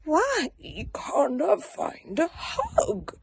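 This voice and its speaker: A man's voice: very high-pitched, very animated, drawn-out words, gravelly, warm tone, no room sound, clean studio sound, voice pushed up, full character voice. A woman voicing a young male brown bear who longs for a hug, in a plaintive, eager storybook voice. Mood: pleading. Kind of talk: storybook reading.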